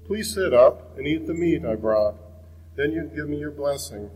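A man's voice: on the high side, expressive, a little mellow, in a large hall, slight background noise, natural voice. A man reading as a deceitful younger son. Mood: earnest. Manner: measured reading.

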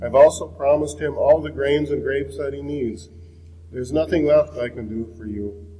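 A man reading the part of an aged, blind father in a scripture reading, in a measured, solemn way. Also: mid-range voice, dark tone, long reverb tail, close to an everyday voice, low-quality recording. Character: aged blind father blessing his son.

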